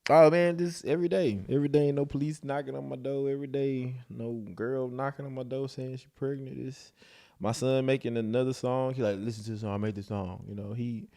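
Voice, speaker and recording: A man in his thirties co-hosting a podcast, chatting casually and telling stories with lively acted-out quotes. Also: mid-range voice, a little fast, creaky. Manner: animated storyteller, acts out voices. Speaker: podcast co-host. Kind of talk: casual chat.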